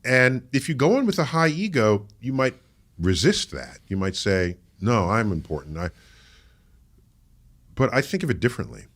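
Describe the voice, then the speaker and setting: An American man being interviewed on a podcast, explaining ideas in a measured, emphatic way with dramatic pauses. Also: medium pitch, big pitch swings, fairly bright tone. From United States. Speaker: guest astrophysicist.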